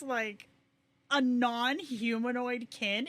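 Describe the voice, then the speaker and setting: A young adult woman hosting a casual livestream, chatting excitedly and reacting to viewers with quick asides. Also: mid-range voice. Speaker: livestream host.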